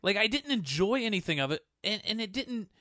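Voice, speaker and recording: A man's voice: sits high, very animated, a little fast, sharp tone, dry recording, clean studio sound. A man co-hosting a casual movie review chat, blunt and exasperated in his opinions. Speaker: podcast co-host reviewing a movie.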